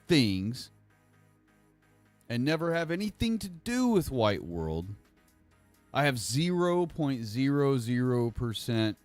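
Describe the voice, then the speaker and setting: A man's voice: medium pitch, dry recording. Rambling man streaming, dry close mic. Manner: rambling, halting, repeats himself. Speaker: livestream host. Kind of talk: casual livestream monologue.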